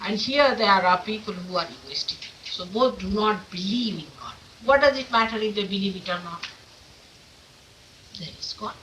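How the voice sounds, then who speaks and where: Woman spiritual teacher, forceful and emphatic, rhetorical questions; old off-mic tape with light hiss. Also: medium pitch, moderate pace, far from the mic, low-quality recording. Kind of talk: informal talk to followers. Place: meeting room of an ashram.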